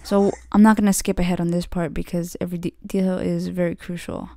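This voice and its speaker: A woman's voice: on the low side, level tone, quick pace, vocal fry, warm tone, no echo. A young woman hosting her podcast, telling a story in a rambling casual way, full of "like" and frequent restarts. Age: young adult. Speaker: podcast host.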